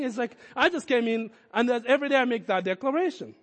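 High-voiced preaching man, echoing hall. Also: expressive, fast, few pauses. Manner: emphatic preaching with repeated declarations. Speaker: pastor. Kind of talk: sermon.

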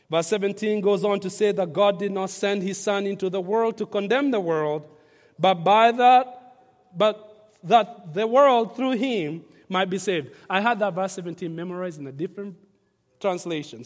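High-voiced male preacher in a reverberant hall. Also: normal speed. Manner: emphatic, repeats phrases, varies loudness for stress; asks the congregation to read along. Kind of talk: sermon.

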